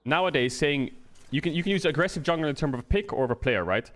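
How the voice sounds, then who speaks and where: A man's voice: fairly high pitch, animated, fast, a bit bright. A man streaming a casual explanatory rant, talking it through conversationally, often checking in with the listener and swearing now and then. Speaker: streamer and game analyst.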